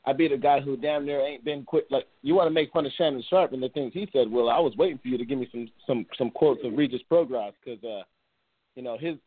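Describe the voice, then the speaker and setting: A man talks boxing in a loose, rambling way, stumbling over his words and restarting sentences. His voice sits at an ordinary pitch. The sound is thin and narrow, like a phone line. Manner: rambling, laughs often, many restarts. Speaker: boxing podcast host. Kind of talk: casual sports talk. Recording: tinny phone-like audio.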